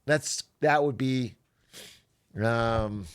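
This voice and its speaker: A man's voice: medium pitch, drawn-out words, clean tone. A young man chatting casually on his stream, sarcastic and laughing often.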